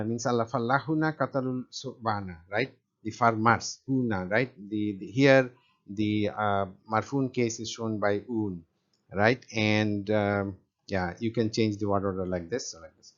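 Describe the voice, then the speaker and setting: A man giving an informal grammar lesson, hesitant, with many fillers and restarts, often checking "right?". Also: on the low side. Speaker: Arabic grammar teacher. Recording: dull lo-fi sound.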